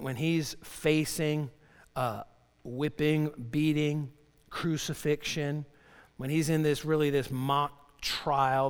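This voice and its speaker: A man preaching a sermon in a slightly higher voice, swinging from loud, dramatic readings down to low, quiet stresses. His voice carries a long reverb from a large hall. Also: clean tone. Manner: animated preaching, voicing Job's cries with rising pitch and dropping low for emphasis. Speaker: pastor.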